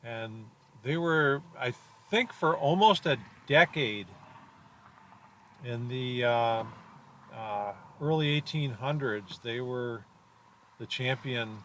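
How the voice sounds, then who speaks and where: A man's voice: mid-range voice, slow, pushed and bright, a little hiss or hum. A man chasing storms, chatting casually from inside a car, rambling and joking as he plays with place names. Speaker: storm chaser. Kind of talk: casual chat while driving.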